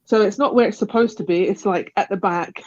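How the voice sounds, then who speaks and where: A woman's voice: mid-range voice, a little fast, no echo. A young woman on a live panel, casually telling a long personal story, rambling and laughing often as she acts out other people's lines. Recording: dull, lo-fi call audio.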